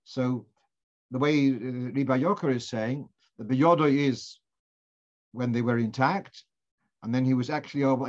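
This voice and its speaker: A man leads an informal religious lesson, reasoning aloud and raising questions as he goes, often restarting a phrase before finishing it. His voice sits at an ordinary middle pitch. The recording is dull and lo-fi. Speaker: Torah class teacher.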